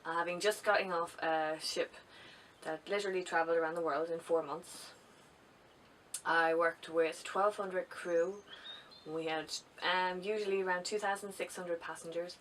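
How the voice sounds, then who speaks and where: A young Irish woman with a slightly low voice talks to camera in a loose, rambling way, full of ums and restarts. The mic sits a little way off, with a faint hiss of background noise behind her. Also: fairly even intonation, normal speed, fairly bright tone, far from the mic, rough recording. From Ireland. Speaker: travel vlogger. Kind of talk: casual chat to camera.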